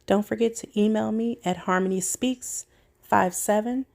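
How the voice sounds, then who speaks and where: A woman hosting a commentary video, talking slowly and chattily to her viewers. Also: mid-range voice, fairly even intonation, vocal fry, a little mellow. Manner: slow, drawn-out, chatty. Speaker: commentary channel host.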